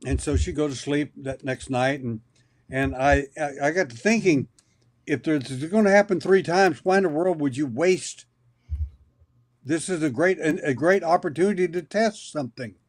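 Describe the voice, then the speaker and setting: A man's voice: on the high side, moderate pace. A man as a podcast guest, telling a long personal story in a rambling, anecdotal way, often restarting his sentences. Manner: rambling, anecdotal, with many repeated starts. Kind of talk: storytelling in an interview.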